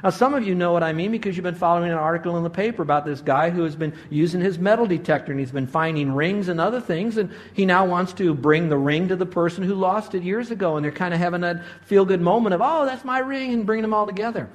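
A man in his sixties preaching a sermon, telling a story with animated delivery and acted-out quotes. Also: fast, few pauses. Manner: animated storytelling, voices quotes with big pitch jumps. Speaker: pastor.

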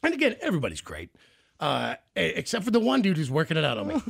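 A middle-aged man from the Kansas City area, hosting a casual chat and telling a story with animated, acted-out quotes. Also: on the high side, quick pace, creaky, breathy edge. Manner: animated storyteller, acts out quoted voices loudly.

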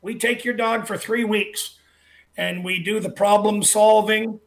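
A middle-aged man hosting a radio show, chatty and relaxed, slowly repeating numbers with plenty of fillers. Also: high voice. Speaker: radio talk show host and dog trainer. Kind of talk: casual radio talk and promotion.

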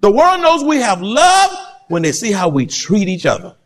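A male pastor preaching an animated sermon. He acts out voices and breaks into shouts. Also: high voice, normal speed.

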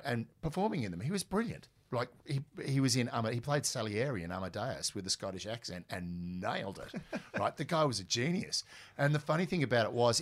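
A middle-aged man, a guest telling animated stories in a conversation. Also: on the low side. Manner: animated, lively anecdotes with quoted dialogue. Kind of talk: storytelling in a conversational interview.

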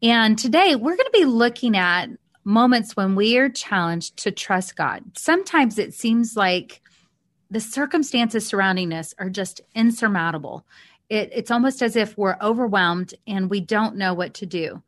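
A woman co-host shares a personal story on a faith podcast, earnest and heartfelt, stumbling now and then over her words. Her voice sits at an everyday middle pitch. The sound is dry and close, with no room around it. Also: expressive, moderate pace, dry recording.

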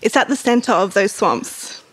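A woman's voice: mid-range voice, very animated, normal speed, a bit bright, low-quality recording. A woman reading aloud as a brave, earnest young boy hero, with an urgent, pleading manner.

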